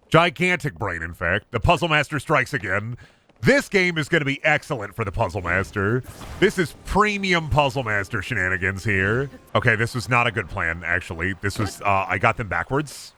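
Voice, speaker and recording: A young adult man streaming a game, joking and swearing, with sudden loud bursts. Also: fairly low pitch, normal speed. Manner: lively, swearing, jokey, shouts in bursts. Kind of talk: gameplay commentary.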